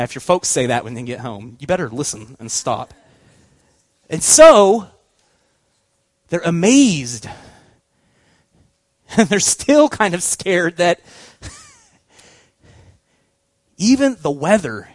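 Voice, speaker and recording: A man giving a storytelling sermon as a youth pastor, animated and acting out voices, laughing often. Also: a little high, no room sound.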